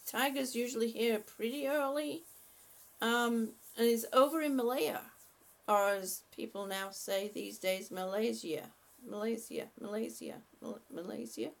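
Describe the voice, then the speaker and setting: A woman hosting a casual live stream, chatting and laughing often as she greets viewers by name. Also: sits high. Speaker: livestream host.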